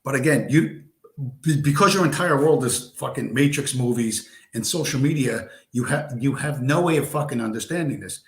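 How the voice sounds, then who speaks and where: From a home room with a squeaky chair, a man streams late at night, crudely ranting at viewers as his voice wears out. He speaks at a moderate pace in a mid-range voice, and the audio echoes around the room.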